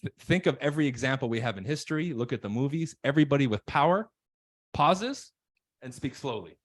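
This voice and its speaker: A man's voice: medium pitch, lively intonation, no echo. Emphatic man coaching, dry close mic. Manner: emphatic, acts out callers in quick voices. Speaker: real estate coach. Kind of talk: casual podcast chat.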